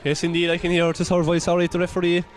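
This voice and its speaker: Very high-pitched excitable Irish commentator. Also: male voice, very fast. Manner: excitable, partisan, exclaims and scolds players. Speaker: match commentator. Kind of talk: partisan local sports commentary.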